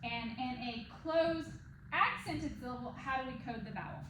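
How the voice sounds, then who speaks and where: A woman's voice: high voice, lively intonation, moderate pace, noisy background. Patient teacher woman, echoey room. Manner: patient, checks in with "okay?" and "right?". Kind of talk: one-on-one reading lesson.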